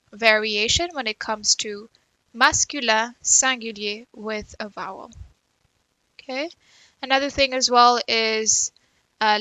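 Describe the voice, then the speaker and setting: A woman's voice: on the high side, sharp tone, no room sound, rough recording. A woman teaching a French grammar lesson in English, explaining step by step and checking in with "right?" and "okay". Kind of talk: recorded grammar lecture.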